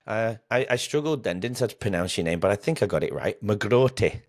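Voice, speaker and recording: A man's voice: lowish voice, animated, fast. A man hosting a podcast interview, chatty and rambling with frequent restarts. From England. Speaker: podcast host.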